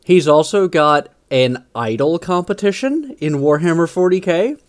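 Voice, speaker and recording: A man's voice: fairly high pitch, expressive, normal speed. A man hosting a streamed tabletop game as game master, chatting casually and enthusiastically, rambling with many restarts.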